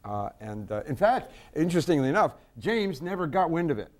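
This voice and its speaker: A man's voice: on the high side, sing-song, a little mellow. A man chatting as a musician guest on a TV show, telling stories in a joking way. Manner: slow, joking storyteller. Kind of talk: casual chat.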